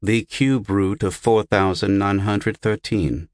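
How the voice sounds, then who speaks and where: Unseen clinical voice, toneless and measured, slow and dry, read by a male narrator. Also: on the low side, no echo. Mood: flat. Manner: flat, without intonation. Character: flat, toneless recorded voice of an unseen doctor. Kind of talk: audiobook character voice.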